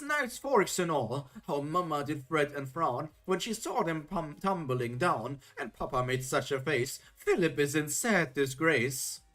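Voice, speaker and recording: Playful woman reading rhymes theatrically. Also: deep voice. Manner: playful, theatrical, jokey asides. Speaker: streamer. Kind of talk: reading old children's rhymes aloud with comments.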